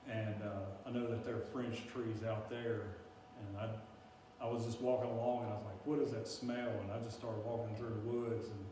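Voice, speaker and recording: A man with a warm, lowish voice and little pitch movement talks about plants to a small local group at a moderate pace, hardly pausing. His style is rambling, folksy, and heavy on fillers, and the distant mic catches room echo with faint hiss.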